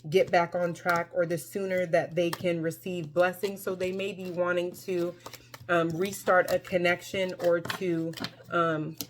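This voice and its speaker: A woman with a somewhat low voice reads tarot cards for her viewers in a casual, chatty way. She talks with emphasis, often breaking off and restarting her sentences. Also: flat delivery, unhurried, a little hiss or hum. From Mexico. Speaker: tarot reader. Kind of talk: casual tarot reading to camera.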